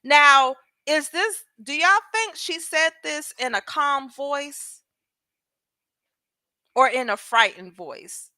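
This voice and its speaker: High, bright-voiced woman commentator. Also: expressive, slow, no echo. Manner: talks straight to viewers, asking pointed questions. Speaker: legal commentary host. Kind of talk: reading a transcript aloud with commentary.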